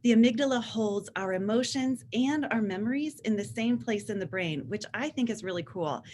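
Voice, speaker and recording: A woman's voice: on the high side, expressive, normal speed. Enthusiastic woman giving a parenting talk. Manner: warm, enthusiastic, acts out teen voices in quotes. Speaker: therapist and author giving a talk. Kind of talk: presentation to parents.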